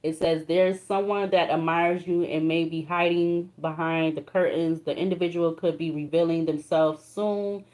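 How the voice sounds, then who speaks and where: A woman's voice: lowish voice, steady tone, moderate pace, few pauses, a little mellow. A young woman doing a casual tarot reading, reading card meanings aloud in an emotional, colloquial way. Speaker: tarot reader.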